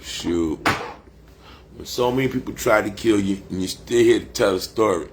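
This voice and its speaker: A man's voice: on the low side, normal speed, a little hiss or hum. A man, rambling profanely and boastfully on a casual livestream. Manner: loose, profane, boastful street talk.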